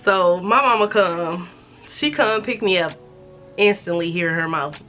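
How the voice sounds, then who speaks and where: A woman in her twenties telling a casual story-time vlog, animated and profane, acting out the dialogue. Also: fairly low pitch, a little slow, faint music behind. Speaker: vlogger.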